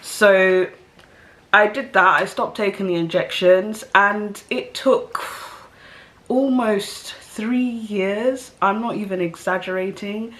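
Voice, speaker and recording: Woman, young adult, casual storytelling, stuffy nose, medium pitch. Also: takes it slowly, a bit bright. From South London. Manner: chatty, rambling with fillers and self-aware asides. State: stuffy nose from hay fever. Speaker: vlogger.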